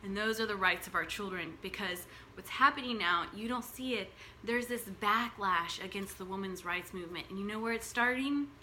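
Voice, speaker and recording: A woman giving a passionate monologue to camera, animated and full of rhetorical questions. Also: mid-range voice, normal speed, a little hiss or hum, rough recording. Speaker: vlogger, mothers' rights advocate.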